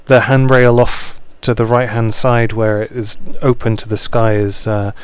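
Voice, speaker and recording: A man narrating a tabletop session as its game master, calm and reassuring. His voice is smooth and resonant, sitting at a medium pitch. He speaks loosely, with frequent "um"s and "uh"s. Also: moderate pace, no room sound. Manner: relaxed, reassuring, with many fillers.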